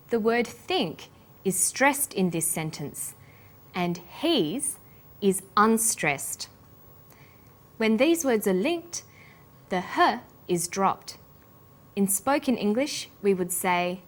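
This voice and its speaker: A woman with an Australian accent presenting an English pronunciation lesson, speaking slowly and enunciating every sound with care. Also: medium pitch, big pitch swings. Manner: slow, careful, clearly enunciated. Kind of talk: scripted lesson narration.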